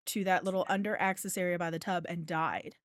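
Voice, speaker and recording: A woman's voice: on the low side, fairly even intonation, a little fast, fairly bright tone. A young adult woman co-hosting a podcast, telling a rambling ghost story in casual chat, with lots of swearing and asides. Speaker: podcast co-host.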